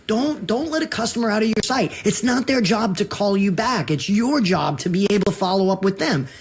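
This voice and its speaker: A husky-voiced man coaches realtors, laying out his rules with punch and lots of emphasis. His pitch rises and falls in a lively way as he works the point. It is a sales talk, direct and energetic. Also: a little fast. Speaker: real estate broker and guest.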